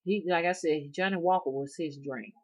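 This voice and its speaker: A woman's voice: low voice, normal speed. A middle-aged woman with an Alabama Southern accent, chatting casually to her viewers in a rambling, folksy way. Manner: rambling, folksy, chuckling often. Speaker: rootworker vlogger.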